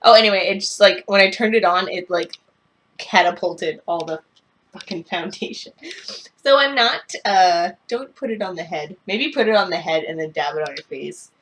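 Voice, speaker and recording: A woman's voice: on the low side, moderate pace, fairly bright tone, slight background noise. Profane ranting young woman vlogger. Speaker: beauty vlogger. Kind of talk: casual makeup review.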